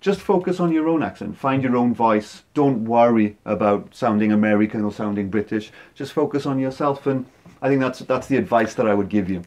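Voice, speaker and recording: A middle-aged Welsh man co-hosting an English-learning podcast, talking in a measured, advice-giving way with frequent ums. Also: mid-range voice, a little mellow. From Wales. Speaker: podcast co-host, English teacher. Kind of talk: casual educational podcast chat.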